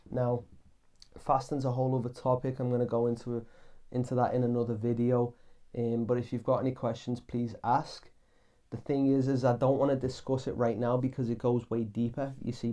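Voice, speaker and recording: A man's voice: medium pitch, warm tone. A young man hosting a podcast, giving casual self-help advice in an earnest, emphatic way and repeating his key phrases. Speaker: podcast host.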